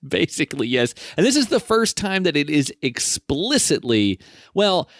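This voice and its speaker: A man's voice: a little high, big pitch swings, a little slow, dry recording, clean studio sound. A man co-hosting a podcast, laughing often during casual recap chat. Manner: laughs often while talking. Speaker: podcast co-host.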